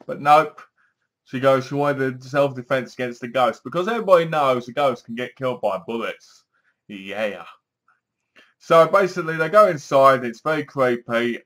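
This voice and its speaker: A man's voice: medium pitch, a bit bright. A man giving a casual spoken review of a TV episode, acting out the scenes as he retells them. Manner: chatty, acts out scenes with sighs and gasps.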